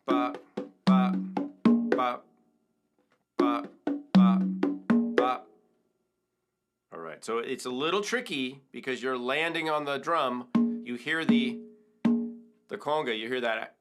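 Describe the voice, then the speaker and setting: A middle-aged man teaching a hand-drum lesson step by step, counting and singing the rhythms aloud. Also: mid-range voice. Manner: counts and sings rhythms aloud, breaks into vocables. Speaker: percussion teacher. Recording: congas and wood block playing behind the voice.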